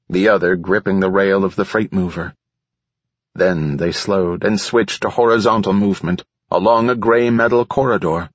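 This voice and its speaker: A man narrating a science fiction audiobook in a steady, measured reading. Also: low-pitched, husky, dry recording. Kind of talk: scripted narration. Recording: slightly dull lo-fi recording.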